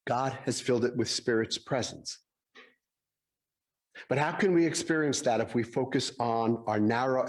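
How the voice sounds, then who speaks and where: Slow, gentle older man giving a sermon. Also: mid-range voice. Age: 60s. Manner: gentle storytelling, acts out dialogue in quotes. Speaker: speaker at a Sunday service.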